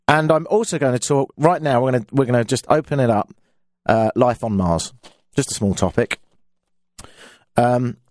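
A man from England with a London accent chats on his radio show in a self-deprecating, meandering way, his pitch bouncing playfully. His voice is a little mellow, and the studio microphone in the radio studio captures clean sound with no room echo.

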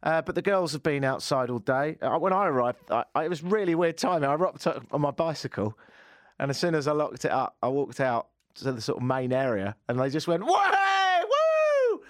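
A man's voice: mid-range voice, a little fast, no echo. A man hosting a talk radio show, chatting casually with a dry, self-mocking wit from a studio. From England. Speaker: radio host. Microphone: studio mic.

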